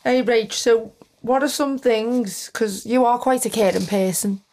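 A woman hosts a casual recovery podcast chat. She speaks informally, reacts warmly to her guest and laughs along. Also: a little high, a little slow. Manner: supportive, chatty, laughs along. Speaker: podcast host.

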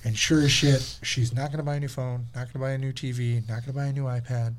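A man hosting a podcast, telling stories in casual chat, animated and swearing freely as he acts out the people in them. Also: mid-range voice, fast. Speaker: podcast host.

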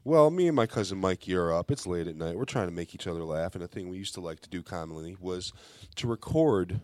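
A man's voice: low-pitched, fast talker, dry recording. Laid-back man telling a wild story. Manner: animated, laughs through punchlines. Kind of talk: casual storytelling chat.

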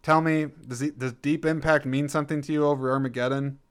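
A man's voice: a little high, flat delivery, brisk, clear, resonant tone. A man hosting a casual film review, rambling and jokey, correcting himself as he goes. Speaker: podcast host reviewing a film.

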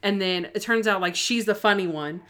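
A young woman in casual chat, retelling TV episodes with quick acted-out lines. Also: mid-range voice, a bit bright, clean tone. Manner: chatty retelling of TV scenes, acting out lines.

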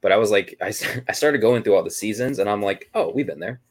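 A man's voice: on the low side, quick pace. A man hosting a podcast in casual chat, joking and wry. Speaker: podcast host.

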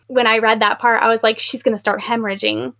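A chatty woman on a casual book podcast, her voice sitting a little high. She rambles through her thoughts with plenty of "like"s and acts out what other people said. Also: fast, gravelly. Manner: chatty, filler-heavy, animated retelling with acted quotes. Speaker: podcast co-host.

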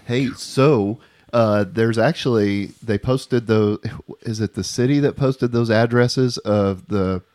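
A man chatting casually as a podcast co-host, easygoing, laughing often and filling pauses with "uh". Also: fairly low pitch, darkish tone, no room sound. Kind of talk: casual chat.

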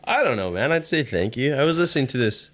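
A man's voice: medium pitch, very animated, fast talker, fairly bright tone. A young Canadian man co-hosting a podcast in casual chat, teasing and questioning, swearing now and then. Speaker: podcast co-host.

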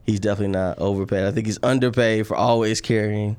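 A man's voice: lowish voice, steady tone, fast, darkish tone, clear, resonant tone. A man co-hosting a podcast in casual chat, laid-back and rambling, laughing often. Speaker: podcast co-host.

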